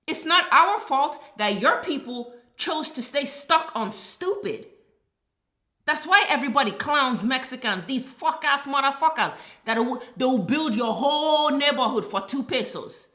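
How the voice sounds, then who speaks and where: A woman rants on camera in blunt, heated, profanity-heavy commentary. Her voice is bright and forceful, and it bounces around an echoey room. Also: on the high side. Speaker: vlogger. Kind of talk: ranting social commentary.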